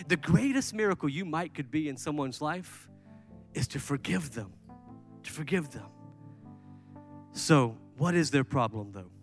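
A man preaching a sermon as pastor, animated, acting out people's voices as he talks. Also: fairly high pitch. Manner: animated, mimics people with raised voice.

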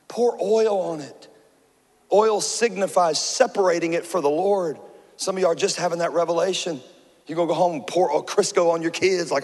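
A male pastor delivers a sermon and tells his stories with animated humor. His voice sits high for a man, and a long hall reverb trails behind him. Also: moderate pace.

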